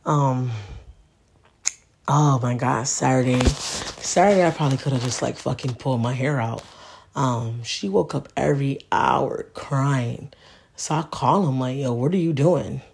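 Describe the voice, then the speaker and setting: A woman's voice: a bass voice, a little slow, gravelly, darkish tone. A tired mother hosting her own podcast, venting in a casual, profane monologue and often asking listeners if they get what she means. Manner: profane, frustrated, keeps asking "you know what I mean".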